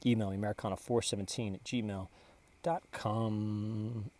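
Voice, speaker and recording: A man's voice: on the low side, fairly even intonation, moderate pace, a little mellow. A man narrating a casual vlog as he shows off his photographs, boastful, rambling and full of exclamations. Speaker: photographer showing his prints.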